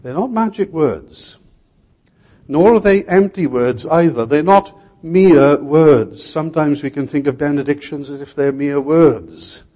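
A man's voice: a little high, measured pace, warm tone. An older man preaching a sermon in an earnest, emphatic way, repeating key words.

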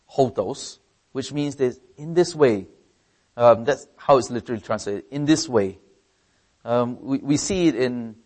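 Male preacher giving a sermon, earnest, presses on key words, often restarts phrases. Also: darkish tone. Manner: earnest, rises in pitch and volume for emphasis.

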